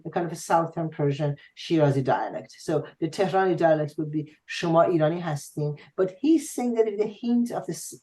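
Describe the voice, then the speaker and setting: A man tutoring a student online, explaining patiently with frequent pauses and fillers. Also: on the high side, a little mellow, poor audio. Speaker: language tutor.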